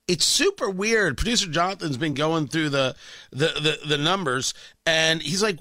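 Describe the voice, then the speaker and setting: A man's voice: fairly high pitch, animated, moderate pace, sharp tone, no room sound, clean studio sound. A man hosting a morning radio show, joking and stammering as he chats. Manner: joking, stammering, repeats words. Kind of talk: casual morning radio chat.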